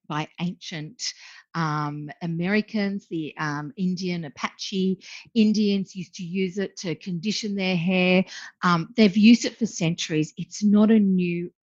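Woman, interview guest, animated storyteller, muffled lo-fi audio, dry close sound. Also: fairly low pitch, a little slow, no room sound. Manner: lively, acts out quoted voices, frequent ums. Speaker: guest, skincare brand founder.

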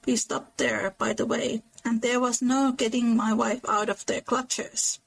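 A woman's voice: a little high, fairly even intonation, measured pace, gravelly, poor audio. A woman reading aloud as Laurie, a mischievous, proud young man, in a teasing manner. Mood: playful.

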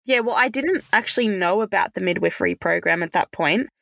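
A woman's voice: mid-range voice, brisk, gravelly, a bit bright, dry recording. A woman telling a personal story as a podcast guest, chatty and casual, with many fillers.

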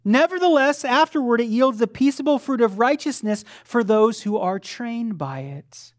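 A man preaching a sermon, moving between loud fervent declarations and soft, conversational asides. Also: very high-pitched, lively intonation, moderate pace. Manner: acts out quoted voices of his children playfully. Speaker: pastor.

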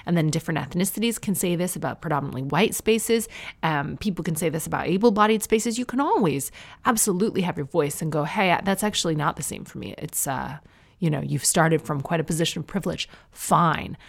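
A woman's voice: deep voice, brisk, vocal fry, slightly rough. A Canadian woman in her thirties, chatting at home in a self-mocking, opinionated way. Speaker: vlogger. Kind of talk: casual chat to camera. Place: indoors at home.

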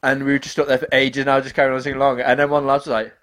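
A man's voice: mid-range voice, monotone, rapid-fire, a bit bright. A man co-hosting a casual chat show, telling stories animatedly and laughing as he goes. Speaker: podcast co-host.

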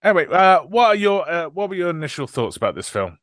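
A man's voice: high-pitched, very animated, fast talker, a bit bright, no room sound, studio quality. A man hosting a casual podcast chat, joking in a wry way. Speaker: podcast host.

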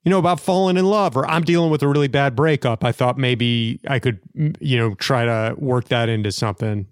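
A man's voice: medium pitch, brisk, smooth, no room sound. A hesitant man who stammers and restarts while improvising a reluctant student in a comedy scene. His voice is mid-range and the sound is dry and close. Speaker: comedy podcast regular playing a reluctant student.

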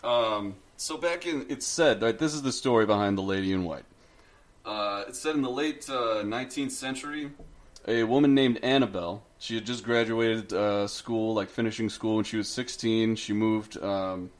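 A man's voice: lowish voice, moderate pace. Rambling man telling a ghost story. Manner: rambling, frequent fillers and laughs. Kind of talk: casual storytelling chat.

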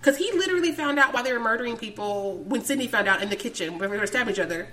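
A woman's voice: on the high side, expressive, rapid-fire, sharp tone. A woman co-hosting a podcast, chatting frankly about a film, laughing often and cutting in with "listen". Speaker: podcast co-host. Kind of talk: casual film discussion.

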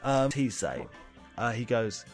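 A slow-talking young man co-hosting a podcast, his voice rising and falling with lively swings. He jokes at his own expense and laughs often, with faint music playing underneath. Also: medium pitch. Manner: self-deprecating, laughs a lot, joking. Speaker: podcast co-host. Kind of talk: casual chat with impressions.

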